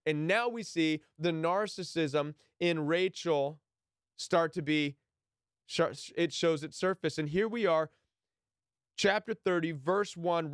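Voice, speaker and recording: A man's voice: fairly high pitch, fairly bright tone, clean tone, no echo, studio quality. A man teaching a Bible passage in a sermon style, earnest and emphatic, briefly acting out the people he quotes.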